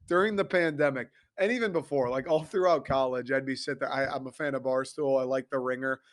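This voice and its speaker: A man's voice: medium pitch, a little fast, hardly any pauses. A young man in his twenties hosting a casual sports podcast, ranting, swearing and laughing as he goes. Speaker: podcast host.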